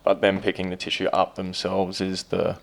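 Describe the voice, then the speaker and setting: Low gravelly man, laid-back. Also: monotone, normal speed. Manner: laid-back, swears casually, many fillers. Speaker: podcast co-host, stepdad. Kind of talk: casual chat.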